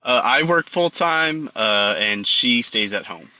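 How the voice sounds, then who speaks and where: A man in his thirties calling in to a radio show, polite and halting. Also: mid-range voice, animated, pushed and bright, no room sound, dull audio. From Texas. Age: 30s. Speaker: caller. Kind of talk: phone call to a radio show.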